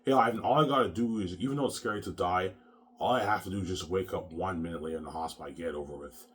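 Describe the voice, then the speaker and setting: Guy with a really low voice rambling on, stuttering the same word over and over, swears a lot. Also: rapid-fire, slight background noise. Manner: repetitive, stammering, profane. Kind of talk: rambling monologue.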